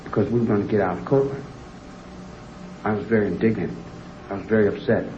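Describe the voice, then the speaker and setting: A man's voice: lowish voice, steady tone, quick pace, warm tone. Middle-aged man, prison interview, rambling and repetitive, echoey room, muffled old tape hiss. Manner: rambling, repetitive, growing indignant and heated. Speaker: prison inmate being interviewed. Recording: dull lo-fi archive tape in a roomy room.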